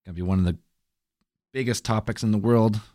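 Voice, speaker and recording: A young man co-hosts a podcast in loose casual chat. He rambles, restarts his thoughts and swears often. His voice sits fairly low and is recorded close and dry. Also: steady tone, a little fast, dark tone, no room sound. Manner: rambling, hesitant, swears a lot. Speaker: podcast co-host.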